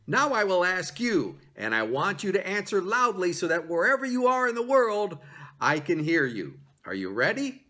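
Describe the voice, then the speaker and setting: Guy teaching a language lesson, bouncy pitch all over the place, slow and bright, really encouraging. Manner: animated, encouraging, exaggerated intonation. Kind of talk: video language lesson with repeat drills.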